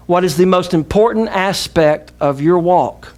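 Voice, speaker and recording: A man's voice: sits high, measured pace, few pauses, a little mellow. Emphatic Southern man preaching a sermon. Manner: emphatic preaching with call-and-response. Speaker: pastor.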